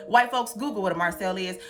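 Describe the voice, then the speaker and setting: A woman's voice: mid-range voice, moderate pace. A young woman giving a sassy, comedic recap commentary, acting out the characters' lines in different voices. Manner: sassy, animated, acts out quotes in voices. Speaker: commentary host. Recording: music playing underneath.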